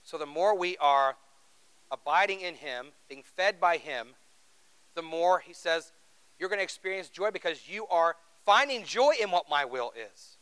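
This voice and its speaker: A man's voice: on the high side, animated, a little slow, a bit bright, clean tone, poor audio. A man preaching a sermon in an earnest, conversational way, asking the congregation rhetorical questions. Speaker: pastor.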